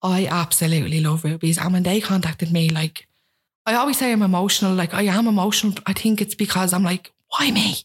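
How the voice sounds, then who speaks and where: Her voice is low-leaning, husky, and brisk. A guest around thirty years old, she chats animatedly and likes to act out other people's words.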